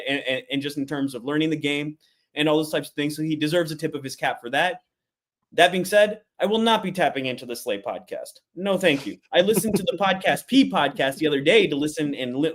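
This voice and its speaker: A man co-hosting a sports podcast, chatting casually and animatedly, laughing often and giving blunt opinions. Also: fairly high pitch. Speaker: podcast co-host.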